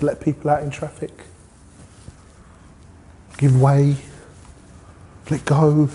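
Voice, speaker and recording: A man's voice: a little high, mellow. A man speaking at a group meeting, giving a conversational motivational talk and asking the audience questions. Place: meeting room.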